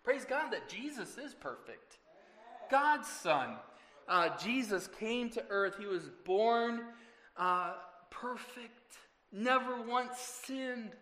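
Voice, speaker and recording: A man preaching a Mother's Day sermon to his congregation, earnest and often rising loud on scripture, with asides to the listeners. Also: very high-pitched, expressive, slow, big-room sound. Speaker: pastor.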